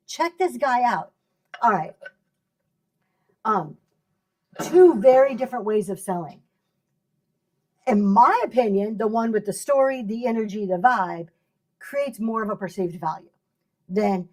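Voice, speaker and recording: A chatty middle-aged woman gives a casual livestream lesson on selling. Her voice sits a little high, and she laughs often and greets viewers by name. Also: animated, normal speed, darkish tone. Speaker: live seller teaching selling.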